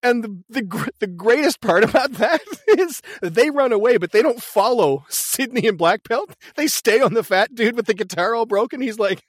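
A man's voice: very high-pitched, expressive, moderate pace, hardly any pauses, no echo, clean studio sound. A man co-hosting a casual movie recap, retelling scenes with profanity and frequent laughter. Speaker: podcast co-host.

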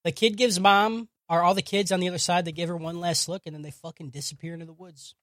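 A man's voice: high-pitched, steady tone, quick pace, a bit bright, dry recording, clean studio sound. A man co-hosting a casual podcast, recapping scenes with jokes and swearing. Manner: profane, jokey, narrates scenes with acted quotes. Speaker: podcast co-host recapping an anime. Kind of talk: casual chat.

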